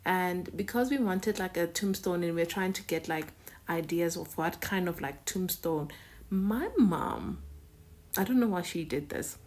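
A woman's voice: on the low side, a little slow, darkish tone. A woman hosting a reaction video in a casual, conversational way, often repeating words and phrases for emphasis.

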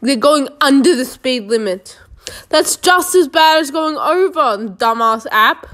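A woman narrating her gameplay in a relaxed, unhurried way, full of sarcastic jokes and muttered asides. Her voice sits on the higher side, and she drawls through her remarks at a leisurely pace. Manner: sarcastic, joking, talks to herself. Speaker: gamer playing a police game. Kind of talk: casual gameplay commentary.

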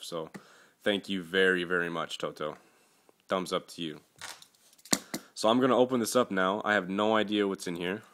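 Earnest, fumbling young man unboxing toys. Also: low-pitched. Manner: earnest, halting, often lost for words; excitable, gushing exclamations. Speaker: toy collector vlogger. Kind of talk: casual unboxing vlog.

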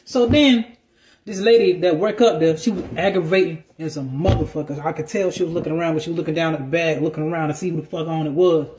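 A man telling a personal story in a casual, animated, profane rant. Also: fairly high pitch, fast talker, noisy background.

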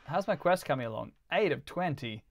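Gravelly-voiced man streaming games. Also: fairly high pitch, expressive, fairly quick. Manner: rambling, chatty, laughs often. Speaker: game streamer. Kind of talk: casual chat while gaming.

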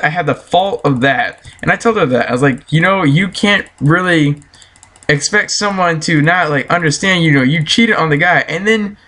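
A man's voice: fairly high pitch, bright, forceful tone. A man telling a story as a casual, heated, profane rant, breaking into laughter now and then.

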